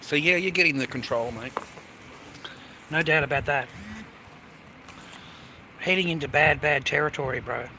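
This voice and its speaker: A man's voice: a little high, normal speed, vocal fry, pauses often. Swearing Australian man on a noisy street. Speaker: livestreamer. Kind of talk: live street-stream commentary. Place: outdoors on a city street. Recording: loud street traffic noise. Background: traffic and street ambience.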